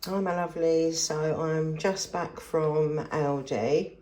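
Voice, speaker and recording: A woman's voice: sits low, fairly even intonation, slow pace, dark tone, echoey room. An older woman from England chatting casually to camera in her kitchen, rambling cheerfully through her shopping. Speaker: frugal living vlogger.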